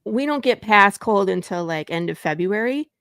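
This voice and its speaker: A woman from Michigan hosting a casual talk show, chatty and quick to jump between topics. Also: medium pitch, lively intonation, a bit bright, clear, resonant tone, no echo, clean studio sound. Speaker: podcast host. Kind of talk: casual chat.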